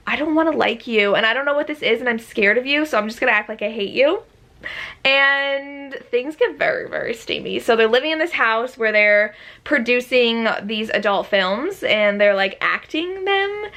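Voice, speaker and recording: A woman's voice: fairly high pitch, bright, forceful tone. A young woman chatting casually in a reading vlog, gushing with enthusiasm and filling her talk with "like". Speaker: book vlogger.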